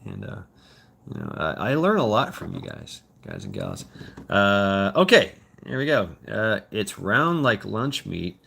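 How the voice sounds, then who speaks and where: Bright-voiced profane man in his fifties. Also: lowish voice, huge pitch swings, a little slow, gravelly, slight background noise. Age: 50s. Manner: rambling, profane, repeats words and restarts often. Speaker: livestream host reading chat. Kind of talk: casual livestream chat.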